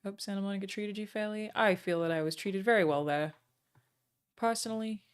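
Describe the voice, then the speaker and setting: A woman from Australia, speaking, chats casually with her stream viewers, thanking them by name between stretches of talk with frequent "um" pauses. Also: mid-range voice, clean tone.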